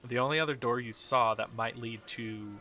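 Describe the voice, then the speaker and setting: Casual male game master, bright tone, relaxed narration. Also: medium pitch, normal speed. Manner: casual, laughing, filler-heavy narration.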